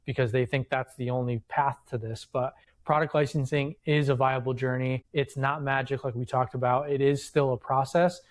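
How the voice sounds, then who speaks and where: A man co-hosting a casual podcast as an inventor coach, explaining advice in a steady way. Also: mid-range voice, normal speed. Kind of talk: casual chat.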